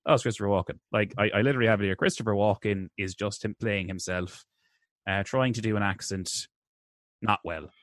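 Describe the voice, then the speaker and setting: Male podcast co-host, lowish pitch, dry close sound; animated, laughing, stammering film chat. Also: moderate pace, no echo. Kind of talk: casual film review chat.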